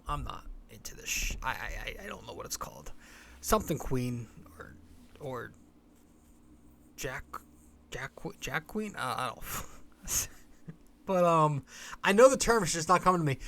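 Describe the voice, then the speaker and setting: A man's voice: medium pitch, normal speed, a bit bright, slight background noise. Blunt rambling male sports podcaster. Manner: rambling, blunt, swears freely. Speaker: podcast host. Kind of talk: casual sports podcast talk.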